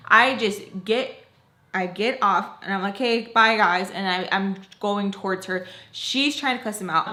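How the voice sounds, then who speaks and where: A woman's voice: fairly high pitch, sharp tone. A woman vlogger telling a dramatic story, rambling and emotional, filling her talk with "like". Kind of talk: storytime vlog. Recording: echoey room.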